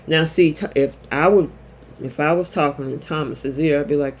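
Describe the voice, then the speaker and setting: A man hosting a casual live-chat soap opera recap, talking straight to viewers in an animated way. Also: on the high side, moderate pace, a little hiss or hum.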